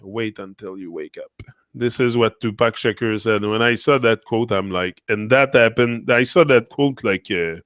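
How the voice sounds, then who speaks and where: A man's voice: fairly low pitch, normal speed, a bit bright, clear, resonant tone, dry recording. Earnest man in a dry monologue. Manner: earnest, repetitive, emotional. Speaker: motivational speaker. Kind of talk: impassioned monologue.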